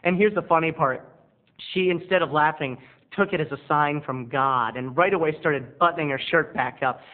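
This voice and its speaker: A video blogger talks to the camera from his bedroom studio, rambling through a self-mocking confessional monologue at normal speed. His voice sits a little high, and the sound is thin and tinny, like a phone line.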